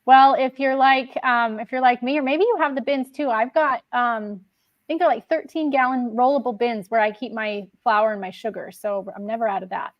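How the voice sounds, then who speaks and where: Woman host, high-pitched, enthusiastic chatter, dry recording. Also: fairly even intonation, normal speed, no echo, highs cut off. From United States. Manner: enthusiastic, giggly, talkative. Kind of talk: casual chat.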